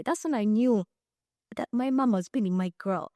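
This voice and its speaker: Young ugandan woman, podcast co-host, high voice, very animated storytelling. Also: moderate pace, dry recording, clean studio sound. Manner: animated, dramatic storyteller acting out dialogue. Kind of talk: casual storytelling chat.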